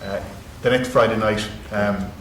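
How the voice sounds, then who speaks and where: An Irish man answers a panel question in a low, flat voice, earnest and full of ums and restarts. He is heard in an echoey conference hall with a steady hum of background noise. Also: measured pace. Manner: earnest, with many fillers and restarts. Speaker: rugby club executive on a panel.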